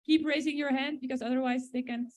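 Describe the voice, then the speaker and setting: Woman, high voice, dry sound, brisk roll call, meeting chair. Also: fairly even intonation, dry recording. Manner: brisk, procedural.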